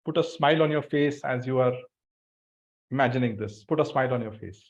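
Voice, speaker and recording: A man leading a group through a guided visualization exercise, giving slow breathing cues. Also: medium pitch. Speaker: workshop facilitator. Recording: dull lo-fi sound.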